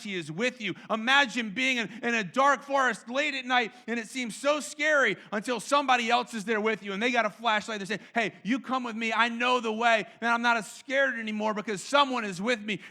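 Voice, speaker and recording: Bright, high-voiced animated male preacher. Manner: repeats words and restarts often. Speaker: pastor. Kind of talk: sermon.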